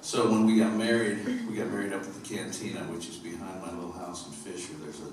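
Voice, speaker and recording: A man's voice: sits low, flat delivery, quick pace. A man from upstate New York, a singer-songwriter telling humorous, rambling stories between songs on a theater stage. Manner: rambling, humorous storytelling with fillers. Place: theater stage at a live concert. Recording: echoey, distant live theater recording with noise.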